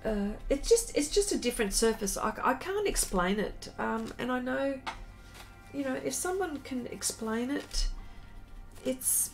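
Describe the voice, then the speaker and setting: A middle-aged woman artist chatting casually on a live stream while she draws, reading viewer comments aloud in an unhurried way. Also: sits high, animated, soft background music. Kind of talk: casual chat while drawing.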